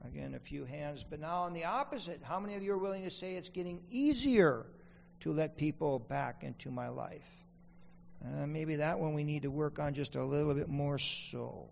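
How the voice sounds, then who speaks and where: A man's voice: a little high, moderate pace, creaky, in a large hall, muffled recording, a little hiss or hum. A man preaching a sermon as pastor, asking the congregation questions and repeating key lines for emphasis. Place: church sanctuary.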